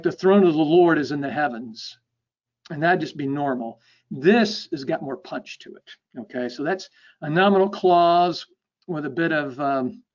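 Man lecturing, dull lo-fi sound. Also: sits high. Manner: explanatory, checks in with frequent "okay?". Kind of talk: academic lecture.

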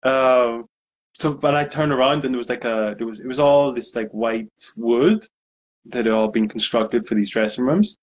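A man's voice: medium pitch, normal speed. A man in a casual interview, telling a story with lots of fillers and acted-out quotes. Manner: animated anecdote, acts out quotes. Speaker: guest DJ.

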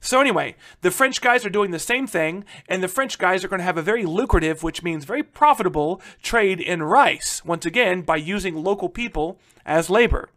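A man delivers a recorded history lecture. He talks fast and animatedly, keeps addressing his listeners as "guys", and keeps checking that they are following along. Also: high-pitched. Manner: energetic, addresses students as "guys", frequent "all right?" check-ins. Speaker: history teacher.

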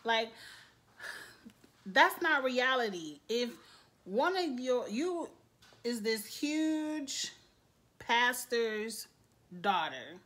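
A woman's voice: on the high side, sing-song, very slow, long pauses, a bit bright. Young woman, casual show recap, sassy, laughs a lot. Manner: sassy,喜 laughing asides, quoting characters. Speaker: TV show reviewer.

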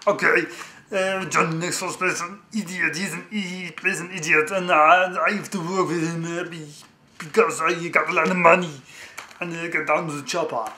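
A man doing a deliberately bad impression of a famous bodybuilder action star, with a gruff voice and a heavy put-on accent. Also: steady tone, bright, forceful tone. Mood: boastful. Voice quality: gruff, booming, exaggerated accent. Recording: echoey room.

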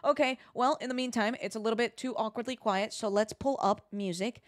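Female streamer, higher-pitched and excitable; giggly chat to viewers, dry close-miked sound. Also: brisk, no room sound. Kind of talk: casual live game stream chat.

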